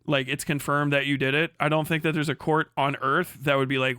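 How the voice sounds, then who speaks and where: A man with a high, bright voice rants on his livestream, swearing freely and laughing at the people he mocks. His tone is scornful and quick, and the sound is dry and close to the mic. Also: flat delivery, clear, resonant tone, no room sound. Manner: profane, mocking, laughing often, puts on prissy voices to mock critics. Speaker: livestream host. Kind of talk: casual ranting livestream commentary.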